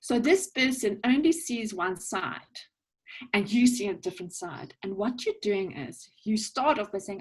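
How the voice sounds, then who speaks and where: A woman's voice: medium pitch, moderate pace, slightly rough, low-quality recording. A woman with a South African English accent giving a casual, joking coaching talk at a virtual networking event, checking in often with "okay?" and "right?". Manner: lively, joking, direct with frequent "okay?" and "right?". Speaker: guest speaker at a networking event. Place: virtual event, video call. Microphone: video call.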